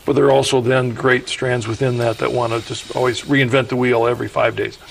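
A man's voice: medium pitch, level tone, brisk, gravelly, a little hiss or hum, low-quality recording. A man hosting a discussion, stumbling and restarting as he frames his questions. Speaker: host. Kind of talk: discussion moderator.

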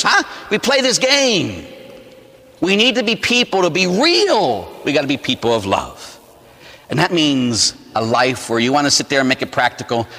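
A Catholic priest in his forties from Pittsburgh, preaching a sermon with animated storytelling and rhetorical "huh?" asides. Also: medium pitch, in a large hall. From Pittsburgh, USA. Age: 40s. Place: church.

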